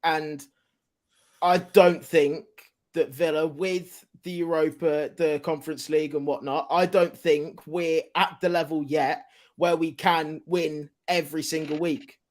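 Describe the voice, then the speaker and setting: A man with a high voice talks casually on a football podcast panel. He hedges his opinions and often circles back to restart his sentences. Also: fairly even intonation, measured pace. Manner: hedging, with repeated restarts. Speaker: podcast panelist, club fan. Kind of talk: casual chat.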